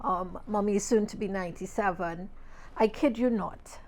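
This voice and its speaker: A woman's voice: mid-range voice, darkish tone. Thoughtful woman asking questions. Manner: measured, thoughtful, many ums. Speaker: podcast co-host. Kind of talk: casual chat.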